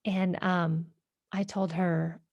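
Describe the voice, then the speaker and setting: A woman with a low, gravelly voice recounts a personal story, reflective and halting, full of fillers and restarts. The sound is dry and close, with no room echo. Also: level tone, a little mellow, dull audio. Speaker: podcast host.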